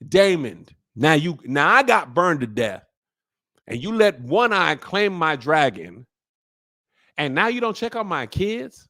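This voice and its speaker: A man's voice: fairly high pitch, sing-song, unhurried, sharp tone, voice pushed up, heavily acted. A man voicing a dead wife's ghost who nags her husband about their children. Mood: scolding. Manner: nagging, insistent. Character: dead wife's ghost, woman, scolding and demanding.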